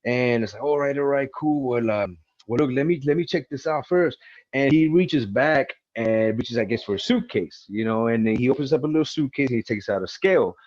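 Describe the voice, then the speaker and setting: A man's voice: mid-range voice, a little fast, a little mellow, dry recording, lo-fi sound. A man as an interview guest, casually retelling a personal story with lots of swearing and acted-out quotes.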